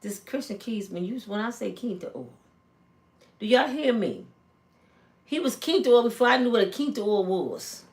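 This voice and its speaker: A woman, telling celebrity gossip in a casual, animated storytelling way and acting out quoted lines in high voices. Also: normal speed. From Michigan, USA. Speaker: gossip vlogger.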